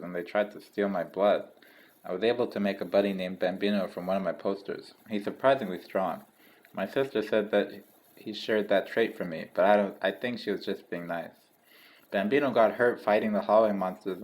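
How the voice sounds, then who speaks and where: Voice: low voice, brisk, a little mellow, rough recording. A young adult chatting casually with a friend and reading story narration, with dry jokes. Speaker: co-reader. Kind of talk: casual let's-read chat and narration.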